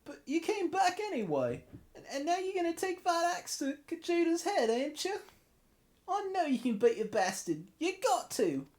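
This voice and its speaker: A man voicing a grateful young man hungry for revenge in a game, reading the lines aloud in a shrill falsetto. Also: sing-song, normal speed, darkish tone. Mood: grateful, fierce. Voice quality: squeaky, strained falsetto.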